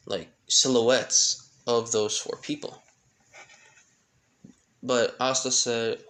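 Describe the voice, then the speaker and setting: A man talks through a fan-made story in a slow, unhurried way. His telling rambles and halts, and he keeps losing track of the characters' names. His voice sits at an ordinary middle pitch. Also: bright, forceful tone. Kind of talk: casual retelling of a fan story.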